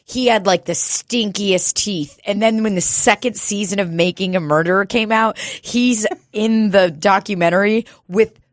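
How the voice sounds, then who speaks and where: Woman, podcast co-host, brash and profane, mid-pitched, dry close sound. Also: measured pace, hardly any pauses, no room sound. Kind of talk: casual comedy chat.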